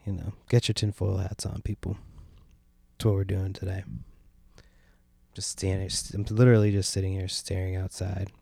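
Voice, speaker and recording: A man's voice: low voice, little pitch movement, moderate pace, gravelly, mellow, husky, no room sound. A young adult man hosting a casual solo podcast, rambling and complaining with lots of swearing and a sardonic edge. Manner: profane, rambling, meandering. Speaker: podcast host. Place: sitting at home by a window.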